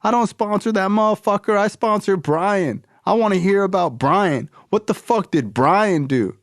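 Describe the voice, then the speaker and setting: A man's voice: high voice, animated, moderate pace, no room sound, studio quality, pitched above the performer's own voice. A man voicing his blunt, tough-love recovery sponsor, fierce and profane.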